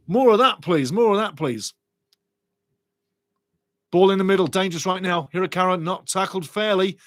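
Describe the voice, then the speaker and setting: A middle-aged man hosts a live football watch-along, calling the play with excitable, chatty energy. His voice sits a touch high, and the sound is dry and close with no room around it. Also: moderate pace, dry recording. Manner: excitable, chatty, reads viewer comments aloud.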